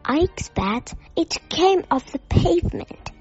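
A woman's voice: extremely high pitch, big pitch swings, unhurried, soft background music, pitched above the performer's own voice, heavily acted. A woman voicing a small, polite young bear in a storybook reading. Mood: earnest. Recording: slightly dull lo-fi audio.

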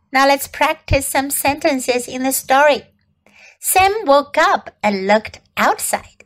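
A woman English teacher reading a children's story aloud in an expressive, clearly enunciated voice. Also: sits high, slow pace.

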